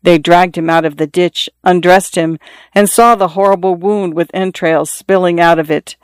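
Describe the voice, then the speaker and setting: An audiobook narrator telling a classic short story in an even, measured way. The voice is smooth and resonant, with a middling pitch. The recording is dry and close, with no room sound. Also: no room sound.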